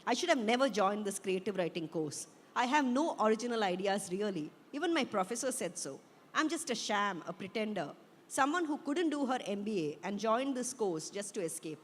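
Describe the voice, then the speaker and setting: A woman author giving an intense, expressive first-person reading of her own story at a book fair. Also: mid-range voice, brisk. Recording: long hall reverb.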